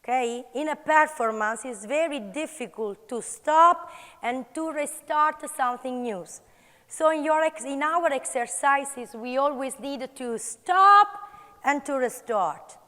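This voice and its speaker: Italian-accented woman presenter, high bright voice, energetic commands, measured speech. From Italy. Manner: energetic, calls out commands to the audience. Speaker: conference speaker. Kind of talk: live workshop demonstration. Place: large conference hall. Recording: reverberant conference hall.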